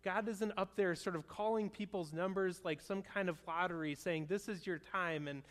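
A man's voice: sits high, moderate pace. A man in his thirties, a pastor preaching a sermon in an earnest, conversational storytelling way. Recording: long hall reverb.

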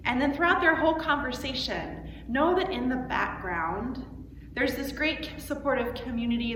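A woman pastor giving a sermon and reading scripture aloud with earnest, expressive emphasis. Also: fairly high pitch. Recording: echoey hall with long reverb, background noise.

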